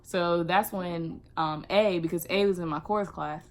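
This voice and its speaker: A young woman vlogger telling a casual storytime, animated and acting out what people said. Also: fairly low pitch, moderate pace. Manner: animated, acts out quotes.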